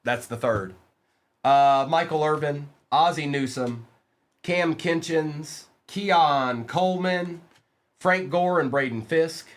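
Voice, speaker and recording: A man streaming a live trading card break, rattling off player names and bantering excitedly with viewers in chat. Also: on the high side, slow.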